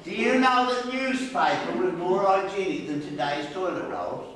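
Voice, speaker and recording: Man in his nineties, folksy local historian; slightly high voice, live audience chatter behind him. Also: moderate pace. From Staffordshire, England. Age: 90s. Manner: folksy, teasing, asks the crowd questions. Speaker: local historian giving a talk. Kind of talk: humorous storytelling to an audience. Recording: echoey hall, far from mic, crowd noise.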